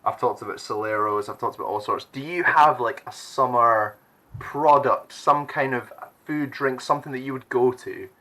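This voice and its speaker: A man's voice: mid-range voice, normal speed, bright, forceful tone, poor audio. A man hosting a youth livestream, chatty and upbeat, laughing often. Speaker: youth leader and stream host. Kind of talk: casual chat.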